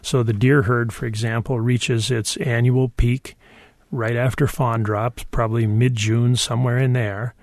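Gravelly-voiced man explaining wildlife. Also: mid-range voice, level tone, measured pace, darkish tone, no room sound, clean studio sound. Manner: thoughtful, explanatory, with hesitations. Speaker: wildlife expert guest. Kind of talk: radio call-in answers.

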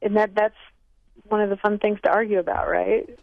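A woman's voice: medium pitch, flat delivery, a little fast, vocal fry, no echo. A woman language expert answering callers on a radio talk show, thoughtful and hesitant with many ums. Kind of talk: call-in radio chat. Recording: thin phone-like line.

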